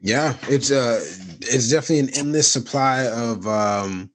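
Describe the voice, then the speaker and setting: A man co-hosting a podcast in casual chat, speaking in a halting, reflective way with many fillers. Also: medium pitch, no echo. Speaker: podcast co-host.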